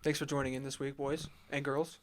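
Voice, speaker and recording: A young man co-hosting a podcast, talking quickly and wrapping up the show. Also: medium pitch, little pitch movement, slight background noise. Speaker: podcast co-host. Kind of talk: casual chat.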